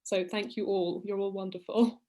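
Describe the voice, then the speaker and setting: A woman's voice: mid-range voice, little pitch movement, moderate pace, dark tone. A woman actor speaking on a video-call panel, grateful and earnest. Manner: grateful, earnest, laughs lightly. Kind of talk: casual post-show panel chat.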